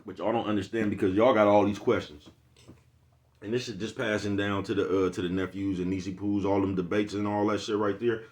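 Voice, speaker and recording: A man's voice: on the low side, little pitch movement, fairly quick. A man in a casual, rambling vlog monologue, cursing freely and asking "you know what I'm talking about" again and again. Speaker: vlogger.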